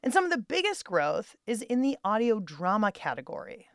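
A woman's voice: sing-song, moderate pace, clear, resonant tone. A woman hosting a podcast show in a bubbly, playful radio manner. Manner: bubbly and playful, with big swoops in pitch.

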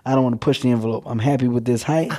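A man's voice: medium pitch, steady tone, very fast, mellow. A man, a comedian guest in an interview, talking in a brash, playful, joking way.

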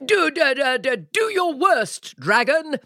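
A woman voicing a thin, timid young male knight who squeaks and stammers as he talks, over soft background music. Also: sing-song, slow, dry recording, studio quality, exaggerated voice. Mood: stammering.

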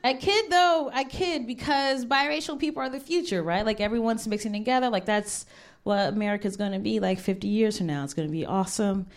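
A woman in her thirties, from Ohio, doing a stand-up set on stage to a live audience. She talks in a laid-back, wry way at a mid-range pitch and drops in plenty of fillers between jokes. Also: brisk. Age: 30s. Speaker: stand-up comedian.

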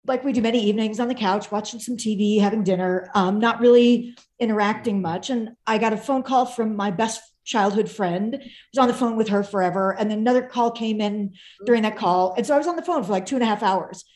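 A woman calling in over a video call, telling a personal story about her relationship in an animated way. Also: medium pitch, fairly quick. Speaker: caller.

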